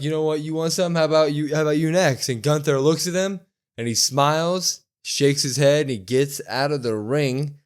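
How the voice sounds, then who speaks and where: A young man co-hosting a casual podcast, retelling events in an animated way and acting out the quoted lines. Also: medium pitch. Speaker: podcast co-host.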